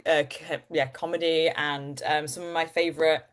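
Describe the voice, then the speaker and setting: A young woman with a soft Yorkshire accent, chatting as an interview guest, animated and comedic, laughing often. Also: low-pitched, normal speed. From Yorkshire, England. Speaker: actor and presenter, guest. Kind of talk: casual interview chat.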